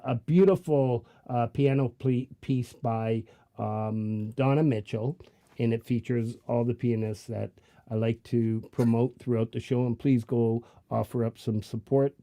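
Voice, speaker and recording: A man with a Canadian Italian accent, hosting a live stream in a joking, casual way and filling his pauses with many ums. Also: mid-range voice, steady tone, dark tone. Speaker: livestream show host.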